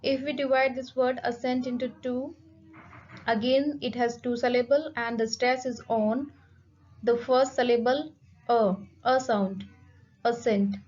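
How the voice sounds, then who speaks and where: A woman giving a phonetics lecture, slowly repeating each example word. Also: on the high side, fairly even intonation, darkish tone. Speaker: English teacher. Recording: dull lo-fi recording.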